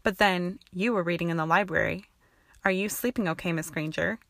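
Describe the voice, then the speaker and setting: A woman voicing a tired, kindly older male wizard professor with a weary, croaking manner. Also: lowish voice, brisk, fairly bright tone, dry recording, studio quality. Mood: concerned.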